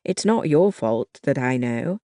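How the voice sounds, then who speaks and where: A narrator voicing a calm, determined wartime nurse who talks to her patients in a gently persuasive, slightly raised voice. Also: mid-range voice, unhurried, no room sound, clean studio sound. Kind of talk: audiobook narration.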